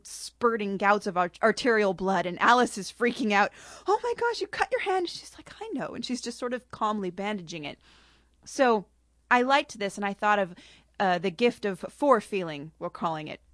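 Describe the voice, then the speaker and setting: A woman's voice: medium pitch, a bit bright, dry recording. Chatty woman author with a dry studio sound. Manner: chatty with frequent laughs. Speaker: author guest. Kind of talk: casual chat, then reading her story.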